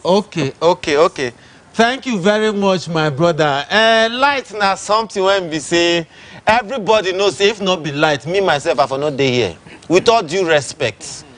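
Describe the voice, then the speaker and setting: High-voiced Nigerian Pidgin radio host. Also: male voice, normal speed, fairly bright tone. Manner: banters with callers, switches between Pidgin and English. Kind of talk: call-in show hosting.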